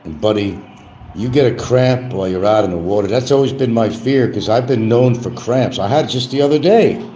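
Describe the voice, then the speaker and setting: An older man hosts a livestream in a medium-pitched, warm voice, talking a little fast. His casual monologue rambles, with frequent restarts and trailing asides, and he keeps repeating a catchphrase in a mock sing-song lift. The audio is poor, with a little hiss or hum.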